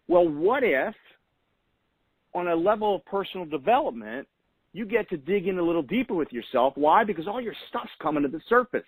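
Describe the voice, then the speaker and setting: A man's voice: a little high, husky, dry recording, rough recording. A man hosting a weekly call, giving motivational coaching in an earnest way and repeating key phrases for emphasis. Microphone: phone call.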